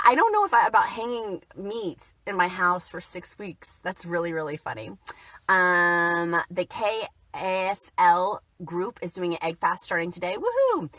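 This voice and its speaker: A woman's voice: medium pitch, a bit bright, no room sound. A woman talking casually and cheerfully on a livestream, chatting about her day and reading out viewer comments. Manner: chatty, upbeat, reads viewer comments aloud. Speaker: keto vlogger.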